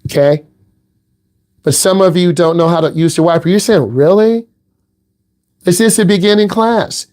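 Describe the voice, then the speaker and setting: Middle-aged midwest guy teaching driving, kinda high voice, blunt and teasing. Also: normal speed, a little mellow. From American Midwest. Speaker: driving instructor. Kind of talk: casual instructional talk.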